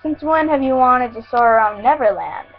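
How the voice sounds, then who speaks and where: A woman's voice: high-pitched, moderate pace, lo-fi sound, soft background music. A woman voicing a firm, practical mother who speaks evenly, read aloud from a story.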